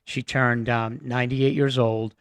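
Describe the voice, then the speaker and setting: A man from Massachusetts, a radio guest, telling a personal story in an earnest, halting way with many fillers. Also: medium pitch, level tone, clear, resonant tone, no echo. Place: radio studio.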